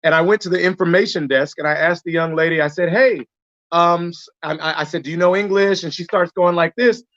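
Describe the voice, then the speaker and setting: A man from the United States, a guest actor, telling animated stories in a casual live-stream chat. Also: fairly high pitch, a little fast, dry recording, lo-fi sound.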